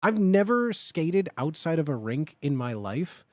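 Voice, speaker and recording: Young man, livestreamer, casual chat, excitable, rambling, high animated voice, dry close sound. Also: a little slow, no room sound. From Chicago area, United States. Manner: excitable, rambling, lots of filler words and swearing.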